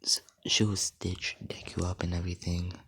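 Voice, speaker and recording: A man's voice: deep voice, flat delivery, moderate pace, pushed and bright, slightly rough. A man narrating an improvised fan story in a rambling, self-correcting way, often dropping to a whisper.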